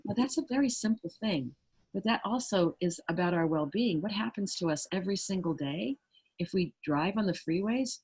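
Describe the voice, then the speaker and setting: A woman's voice: medium pitch, animated, normal speed, a little mellow, slightly rough, poor audio. A middle-aged woman, a trauma resilience trainer, explaining earnestly in an interview and acting out little quoted voices. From United States.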